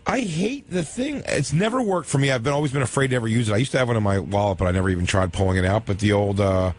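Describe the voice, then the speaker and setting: A man's voice: fairly low pitch, expressive, racing, darkish tone. A man co-hosting a comedy podcast, telling stories in a rambling, casual way. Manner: rambling, full of restarts and fillers. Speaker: podcast co-host.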